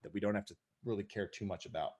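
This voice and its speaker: A man's voice: lowish voice, fast talker, a little mellow, breathy edge. A man teaching as a paramedic instructor in a recorded lecture, speaking conversationally with dry asides and frequent check-ins.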